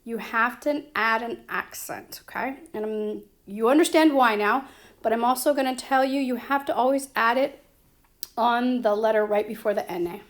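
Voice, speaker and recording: A woman explaining a grammar lesson as a teacher, patient and checking in with her students as she goes. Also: a little high. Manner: slow, patient, checks in with "okay?" and "right?". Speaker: Spanish teacher.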